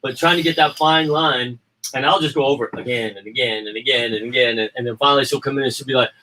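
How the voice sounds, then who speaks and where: Chatty indie filmmaker, man, rambles and restarts, bright tone. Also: mid-range voice, fast, distant mic, rough recording. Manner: rambling, repeats words, acts out quotes. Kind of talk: casual livestream chat.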